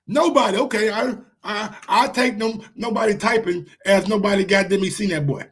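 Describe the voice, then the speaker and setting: A man with a strikingly high voice and a New York accent hosts a casual sports live stream. He rants in an animated way and keeps throwing rhetorical questions at his audience. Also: moderate pace, few pauses. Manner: animated, ranting, asks the chat rhetorical questions. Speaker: sports show host.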